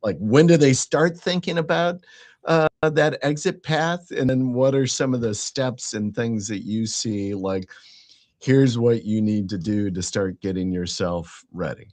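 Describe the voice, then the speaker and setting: A man's voice: medium pitch, unhurried, a little mellow. A man hosting a casual interview, upbeat and asking playful questions. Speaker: host.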